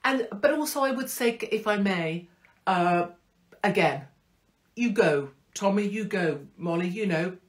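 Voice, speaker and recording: A woman's voice: medium pitch, animated, unhurried. A middle-aged woman hosting a casual live stream, blunt, rambling and profane. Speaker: host.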